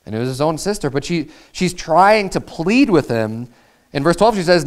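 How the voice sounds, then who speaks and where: Pastor guy preaching a sermon, kinda high clear voice, talks casual and repeats himself. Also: sing-song, moderate pace. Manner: conversational, repeats words while paraphrasing scripture.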